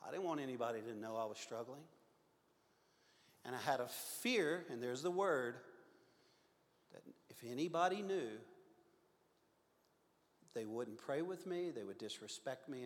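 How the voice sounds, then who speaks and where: A man in his fifties, a pastor telling a personal story in a sermon, earnest and confessional, swinging from loud to hushed. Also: medium pitch, expressive, normal speed, pauses often. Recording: long hall reverb.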